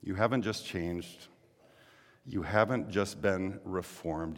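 A man's voice: sits low, slow, long reverb tail. A male pastor preaching a sermon earnestly, building to emphatic exhortations.

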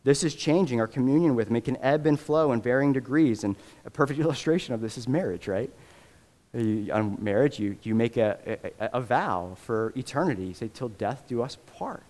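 A man's voice: medium pitch, brisk, a little mellow, big-room sound. A male pastor delivering a sermon, earnest and rising to emphatic, fervent preaching.

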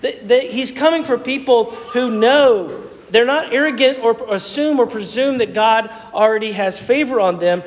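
A man's voice: very high voice, measured pace, a little hiss or hum. A man with a Southern accent, preaching a sermon as a pastor, talking in a conversational, hesitant storytelling way with many fillers and restarts. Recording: dull sound with long hall reverb.

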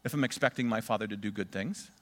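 A man's voice: on the low side, fast. Emphatic male pastor preaching. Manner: emphatic, swings between loud stresses and quiet asides; leads congregation in call-and-response repetition. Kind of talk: sermon.

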